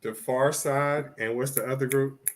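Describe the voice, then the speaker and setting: A man co-hosting a podcast, chatting casually with relaxed, laid-back interjections. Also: mid-range voice, a little slow, slight background noise. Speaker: podcast co-host. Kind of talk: casual chat.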